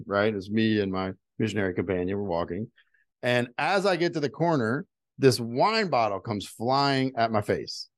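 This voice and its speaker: A man's voice: mid-range voice, no room sound. A middle-aged man telling earnest personal stories in casual conversation as a guest. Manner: earnest storytelling. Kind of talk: casual chat.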